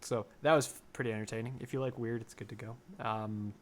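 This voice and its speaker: A man's voice: medium pitch, fast, a little hiss or hum. A man co-hosting a casual podcast chat, rambling through what he watched with plenty of fillers. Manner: rambling, animated storytelling with fillers. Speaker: podcast co-host.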